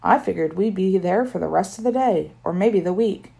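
A woman's voice: mid-range voice, normal speed, creaky, warm tone. A woman narrating a children's story in first person with a wry tone. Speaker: audiobook narrator.

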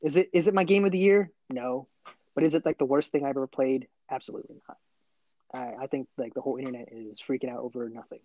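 Fast-talking, agreeable podcast man. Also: mid-range voice, fairly even intonation, warm tone, no room sound, lo-fi sound. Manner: agreeable, quick, lots of affirmations. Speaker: podcast co-host. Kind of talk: casual chat.

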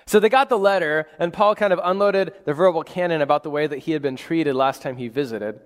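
Male pastor, 30s, chatty sermon delivery, slightly high voice, long hall reverb. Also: fairly quick. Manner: casual, conversational preaching with many "like"s and restarts.

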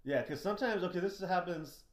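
A man's voice: sits high, brisk. A young man co-hosting a casual podcast, swearing freely and acting out other people's lines as he rants. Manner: swears a lot, rants with animated quoting. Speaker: podcast co-host. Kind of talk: casual profane chat. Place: house. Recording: roomy house recording.

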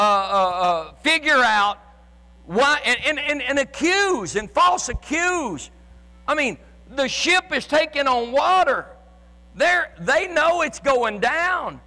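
High, bright-voiced male preacher in a hall. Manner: impassioned preaching, often shouting, with stammered restarts. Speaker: pastor. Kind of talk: sermon. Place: church sanctuary with live and online congregation.

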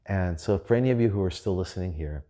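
A man's voice: sits low, fast talker, warm tone. A young adult man hosting a podcast, telling a profane story in a loose, laughing way. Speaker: podcast host. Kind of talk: casual storytelling monologue.

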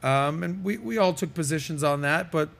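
A man's voice: on the high side, expressive, moderate pace, gravelly, a bit bright. A man hosting a podcast, giving casual, emphatic commentary that is full of fillers. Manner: emphatic, quoting and reading aloud, many fillers. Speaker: podcast host.

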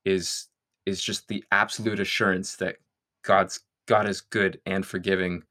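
A man with a low voice speaks as a guest in an unhurried conversation. He is thoughtful and searching, and he laughs easily. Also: flat delivery, bright, forceful tone. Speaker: guest songwriter. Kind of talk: reflective conversation.

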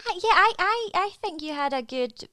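A woman's voice: very high voice, animated, normal speed, sharp tone, no echo. A Scottish woman guesting on a podcast, her voice sitting dry and close. She chats easily and encourages the others along. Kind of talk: casual chat.

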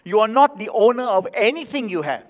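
Male pastor, sermon, emphatic, repeats key lines, high voice, long hall reverb. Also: lively intonation, brisk. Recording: reverberant hall, dull sound.

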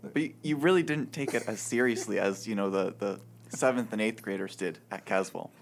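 A man's voice: on the low side, brisk, vocal fry. A man leading a small group discussion, careful and hesitant with dry humor. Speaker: guest small group leader.

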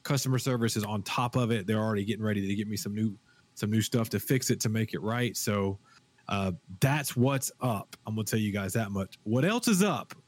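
Animated rambling male podcast host. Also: lowish voice, brisk. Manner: animated, rambling, frequent fillers and restarts. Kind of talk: casual chat.

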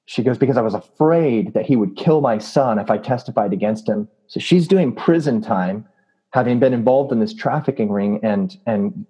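A man's voice: medium pitch, dark tone, slightly rough, low-quality recording. A man telling a story in a casual interview, earnest and full of fillers. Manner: earnest, with many fillers and laughs. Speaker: anti-trafficking activist and preacher.

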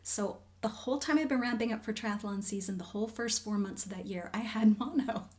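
A woman in her forties shares a personal story in conversation, candid and earnest. Her voice sits at an ordinary middle pitch. She often sinks into a hushed, breathy near-whisper for emphasis. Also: a little fast. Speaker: guest.

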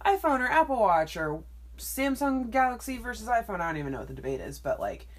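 Woman, podcast co-host, teasing, lively pitch, husky tone. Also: fast talker. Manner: teasing, dry jokes. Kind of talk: casual chat.

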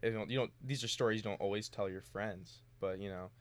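A man's voice: fairly low pitch, brisk. A young man, a college student co-hosting a podcast, chatting casually and acting out little scenes in his stories while swearing freely. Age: young adult. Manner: animated storytelling, acting out dialogue, swears freely. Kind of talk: casual chat.

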